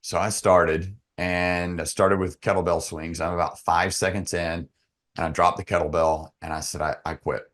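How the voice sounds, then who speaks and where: A man, a podcast guest, telling an emotional personal story in an earnest, halting way with frequent restarts. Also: sits low, flat delivery, a bit bright.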